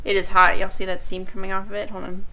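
A woman's voice: medium pitch, monotone, fast talker, bright, forceful tone, a little hiss or hum. A woman, tasting food in a home kitchen as co-host of a vlog and gushing about it in casual chat. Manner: enthusiastic, gushing.

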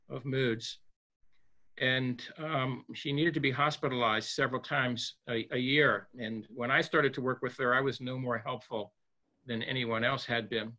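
A man as a psychologist guest in an interview, telling a story in a gentle, reflective way with frequent restarts. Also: mid-range voice.

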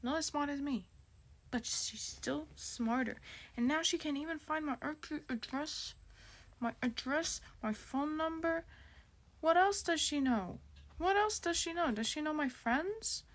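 A woman's voice: high voice, a little slow. A woman YouTuber in a storytime vlog, reacting dramatically with exclamations and sudden whispers.

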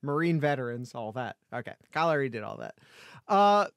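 A man's voice: mid-range voice, sing-song, a little fast, no room sound, clean studio sound. A man co-hosting a casual sports podcast, reading an ad in a jokey, rambling way. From Ohio. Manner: jokey, rambling ad read with restarts. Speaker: podcast co-host.

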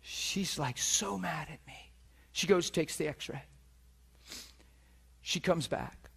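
A male preacher telling a story in a sermon, excited and emphatic, acting out the voices of other people and often laughing as he speaks. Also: fairly high pitch, slow pace, creaky, breathy edge.

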